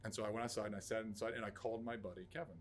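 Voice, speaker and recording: A man's voice: on the low side, steady tone, very fast, slight background noise. A man in his thirties, a podcast guest, telling an emotional story in a raw, profane way and acting out quotes. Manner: raw, profane, acts out quotes in loud outbursts. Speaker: podcast guest, Army veteran.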